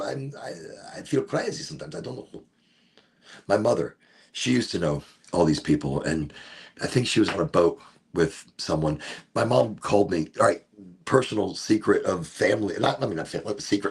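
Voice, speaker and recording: A man's voice: low-pitched, gravelly, husky. A man hosting a live stream, rambling and swearing in a laid-back chat. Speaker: livestream host.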